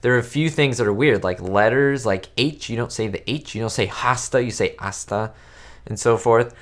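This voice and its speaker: A man's voice: medium pitch, fairly quick. A man whose first language is Spanish, hosting a casual live-stream chat, rambling with fillers and restarts as he greets viewers by name. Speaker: YouTube host answering live chat. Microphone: webcam setup.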